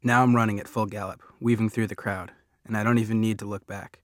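A man narrating a first-person audiobook in a steady, plain storytelling manner. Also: lowish voice, quick pace, no echo, clean studio sound.

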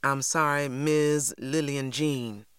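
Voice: mid-range voice, fairly even intonation, slow pace, fairly bright tone, no room sound, studio quality. A reader voicing a bearded man, bullying and demanding, with a drawl. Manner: gruff, demanding. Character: angry bearded white Southern man, bullying father.

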